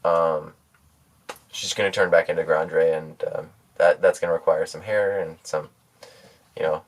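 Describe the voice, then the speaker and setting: Low-voiced, hesitant man. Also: steady tone, measured pace, far from the mic. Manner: hesitant and matter-of-fact, many fillers. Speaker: podcast co-host. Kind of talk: comedy podcast improv.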